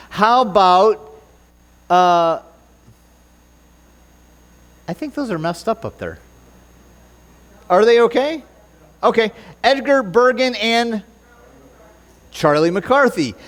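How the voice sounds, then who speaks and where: A man's voice: high-pitched, fairly bright tone. A man preaching a sermon in church, joking and bantering with the congregation and stumbling over his notes. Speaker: pastor.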